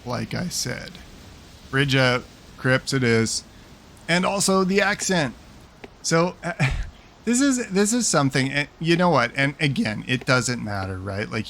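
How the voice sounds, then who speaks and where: A man narrating his own gameplay in a loose, rambling way, with sarcasm and frequent swearing. His pitch is average for a man. Game sounds and noise are clearly audible behind him. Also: fairly bright tone. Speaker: let's play host. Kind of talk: casual gameplay commentary. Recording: commentary with background game noise.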